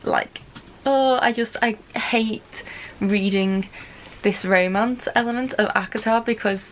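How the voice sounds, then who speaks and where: A young woman chatting excitedly on her reading vlog, gushing with lots of fillers. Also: medium pitch, measured pace, slight background noise, rough recording. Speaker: book vlogger. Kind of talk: casual reading vlog chat.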